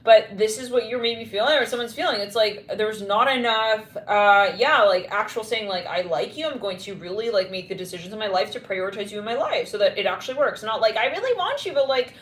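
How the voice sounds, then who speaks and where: A woman's voice: medium pitch, a little fast, few pauses, fairly bright tone, roomy sound. A woman giving a casual tarot reading, rambling and blunt with lots of fillers. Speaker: tarot reader.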